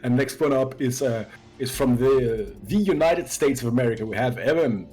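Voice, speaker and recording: A man's voice: mid-range voice, moderate pace, a little mellow, soft background music. A man hosting a tabletop role-playing stream as dungeon master, moving from dramatic storytelling to playful banter with his players.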